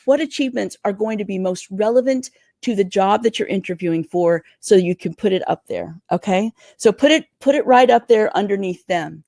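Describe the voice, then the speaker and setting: A woman career coach giving interview tips in a livestream, talking fast and excitedly. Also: medium pitch, no room sound, studio quality. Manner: energetic, talks fast and excitedly.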